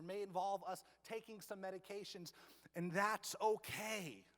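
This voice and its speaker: A man preaching with passion in a church, his fairly high voice dropping to hushed appeals and then rising to fervent, loud storytelling. The long reverb of the hall trails after each phrase. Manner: passionate, swings from soft to loud. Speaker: pastor. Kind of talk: sermon. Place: church sanctuary.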